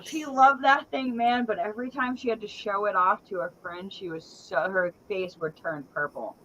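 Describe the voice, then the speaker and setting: Woman telling a lively animal story. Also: normal speed, highs cut off, slight background noise. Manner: lively storyteller, acts out quotes in a high voice. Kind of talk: casual chat, animated storytelling.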